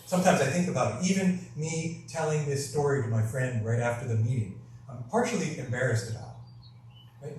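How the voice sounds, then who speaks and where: A man's voice: medium pitch, a little mellow, very echoey, distant mic, slight background noise, rough recording. A male guest minister giving a reflective, conversational sermon, often checking in with "right?". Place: temple hall.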